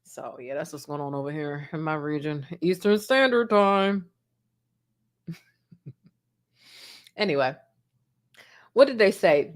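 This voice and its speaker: A woman's voice: low voice, takes it slowly, long pauses. A woman from Baltimore hosting a casual live-stream commentary, sassy and goofy, sleepy from being up before dawn.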